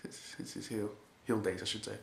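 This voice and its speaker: A man's voice: lowish voice, little pitch movement, fairly quick, creaky. A man giving a casual, rambling spoken recap of a wrestling show. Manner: rambling, repeats "basically", chuckles often. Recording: echoey room with faint hiss.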